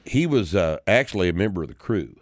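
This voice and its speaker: A man in his sixties chatting about movies as a podcast host, rambling with many restarts and turning loud and indignant. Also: sits low, big pitch swings, brisk, no room sound, clean studio sound. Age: 60s. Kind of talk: casual chat about movies.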